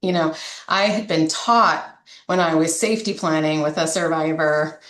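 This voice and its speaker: Woman, coalition director, candid interview storyteller; lower voice, roomy echo. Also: fairly even intonation, moderate pace, a bit bright. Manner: storytelling, frequent fillers and restarts. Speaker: domestic violence coalition director.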